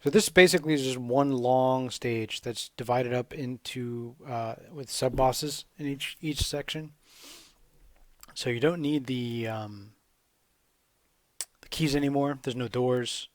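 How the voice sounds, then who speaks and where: A man's voice: mid-range voice, slow, no echo, studio quality. A man casually commentating his gameplay with wry, sarcastic asides. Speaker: gamer commentating a speedrun.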